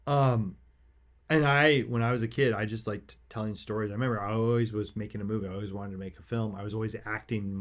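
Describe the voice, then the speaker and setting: A man hosting a motivational podcast, rambling through personal stories and growing excited and emphatic. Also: lowish voice. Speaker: podcast host.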